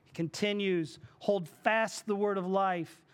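A man in his forties preaching a sermon as pastor, animated and acting out the voices he quotes. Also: high-pitched, unhurried, clean tone.

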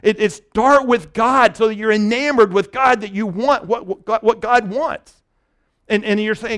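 A man's voice: high voice, normal speed, a bit bright. A male pastor preaching a conversational sermon, often restarting phrases and checking in with "right?".

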